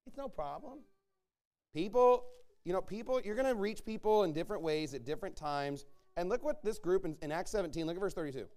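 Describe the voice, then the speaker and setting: A man's voice: high-pitched, animated, a little fast, a little mellow. A man preaching a sermon to his church, emphatic and repetitive as he rallies his listeners.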